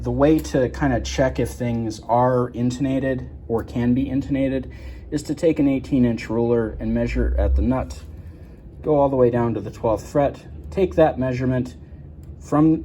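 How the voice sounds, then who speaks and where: A man's voice: medium pitch, warm tone, slight background noise. A man working as a guitar repair tech, explaining a repair in a casual, rambling way with many fillers and restarts.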